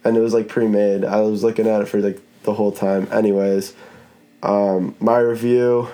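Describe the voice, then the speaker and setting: A man's voice: lowish voice, little pitch movement, moderate pace, dark tone. A man hosting a casual podcast chat, rambling in a laid-back way and swearing now and then. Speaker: podcast host.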